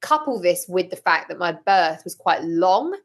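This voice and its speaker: A woman talking as a podcast guest, telling her story frankly and with lively, blunt humour. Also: on the low side, moderate pace. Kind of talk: casual interview chat.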